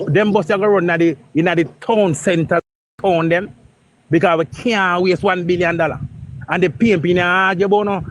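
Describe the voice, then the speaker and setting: A man's voice: sits high, dry recording. A man with a Jamaican accent debating politics, insisting on being heard and repeating his points. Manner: insistent, repeats himself to hold the floor. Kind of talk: heated debate.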